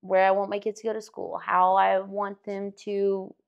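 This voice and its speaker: Woman teacher, a bit gravelly, chatty, acts out the kids' voices when telling stories. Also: medium pitch, moderate pace, lo-fi sound. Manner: animated storyteller, acts out children's voices. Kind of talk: casual podcast chat. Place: indoor podcast room.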